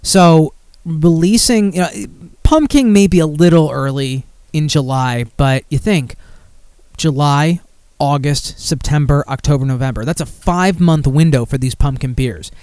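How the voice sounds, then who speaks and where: A man's voice: fairly high pitch, a little slow, a little mellow, clean tone, dry recording. A man hosting a beer podcast in casual chat, rambling and blunt with frequent swearing. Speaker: podcast host.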